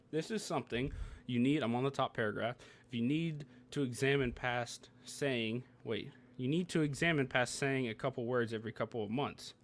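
A young man talking on a podcast in a casual, heated way. His pitch sits in a middle range but jumps around a lot as he argues, reading a passage aloud and then picking it apart. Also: normal speed. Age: young adult. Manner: animated, reads from a page and argues back. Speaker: podcast co-host.

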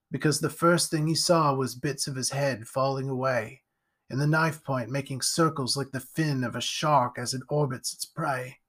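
A male storyteller reading a dark tale slowly and deliberately. His voice sits a little high for a man, and he lingers over each phrase. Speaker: narrator. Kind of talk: scripted horror narration.

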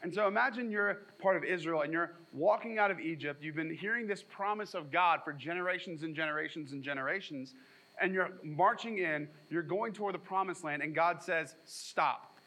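Guy preaching, bright slightly high voice, chatty storytelling with jokes. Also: fairly quick, rough recording. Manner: animated storytelling with asides and jokes. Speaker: pastor. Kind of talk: sermon.

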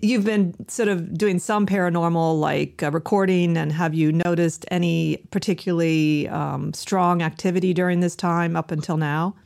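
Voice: mid-range voice, steady tone, normal speed, creaky, hardly any pauses, darkish tone. A talk show host in a casual interview, friendly and laughing along while steering the questions.

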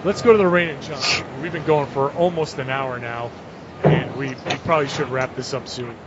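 A man co-hosting a casual sports podcast, animated as he reads listener tweets aloud. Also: mid-range voice, normal speed. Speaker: podcast co-host. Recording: muffled lo-fi audio with clear background noise.

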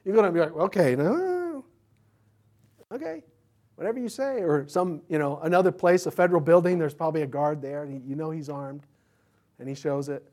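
A male pastor preaches a sermon in a conversational style, weaving scripture together with funny everyday asides. His voice is fairly high and fast, and his excitement sometimes leaps up in the middle of a thought.

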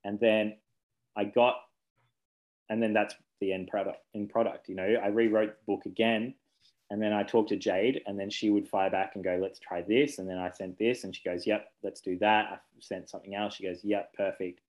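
Man, thirties, low-pitched, rambling, self-correcting, laughs easily, author interview. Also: level tone, moderate pace, darkish tone, rough recording. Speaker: children's book author. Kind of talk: casual interview chat.

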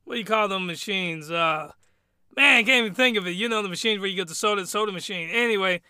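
Male comedic reviewer: smooth, clear voice, bone-dry sound, rambling and exclamatory. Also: high-pitched, fast talker, sharp tone, no echo. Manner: rambling, exclamatory, loose and colloquial. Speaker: anime reviewer.

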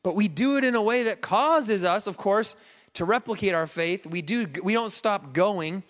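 A man's voice: high voice, normal speed, fairly bright tone. A man preaching a sermon as a pastor, talking it through conversationally and explaining step by step with rhetorical questions. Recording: long hall reverb.

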